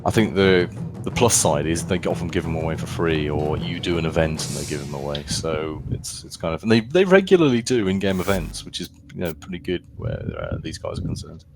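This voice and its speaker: A man's voice: sits low, big pitch swings, a little fast, vocal fry, over music. A man co-hosting a gaming livestream, explaining the game in a chatty, casual way. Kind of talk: casual gaming stream chat.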